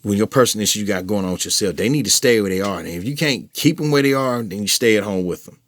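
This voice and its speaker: A man with a fairly low voice tells his followers about a personal run-in, swearing freely and stumbling over restarts as he goes. The sound is dry and close, with no room around it. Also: quick pace, no echo. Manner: profane, animated retelling with heated quoted outbursts; frequent restarts and filler phrases. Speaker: vlogger updating followers. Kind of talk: casual storytelling to camera.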